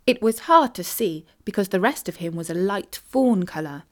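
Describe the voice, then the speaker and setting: A woman reading a children's story aloud, gentle and expressive. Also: medium pitch, normal speed. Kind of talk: storybook narration read aloud.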